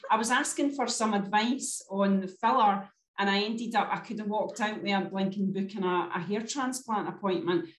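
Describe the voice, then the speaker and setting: A woman talks as a podcast guest, chatty and storytelling, checking in with her listener as she goes. Her voice sits at a middle pitch. The recording is roomy, with a clear echo around her. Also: moderate pace, hardly any pauses, a little hiss or hum. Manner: chatty storyteller, often adds "do you know what I mean". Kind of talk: casual chat.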